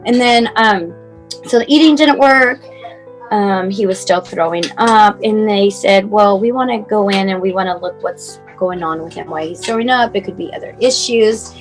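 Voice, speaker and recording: Woman, 40s, guest over a video call, unscripted and emotional, halting delivery full of fillers, faint music underneath. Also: medium pitch, poor audio. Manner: emotional, halting, many fillers, near tears at times. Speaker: mother telling her son's story as guest. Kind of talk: personal storytelling, casual and unscripted.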